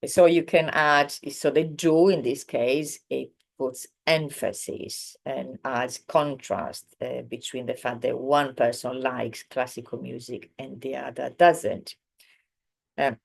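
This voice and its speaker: A woman teaches a beginners' language lesson in a casual, patient way, often pausing with ums and correcting herself. Her voice sits very low and she speaks slowly. She walks through examples one at a time. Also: gravelly. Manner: explains patiently with frequent ums and self-corrections. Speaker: Italian teacher.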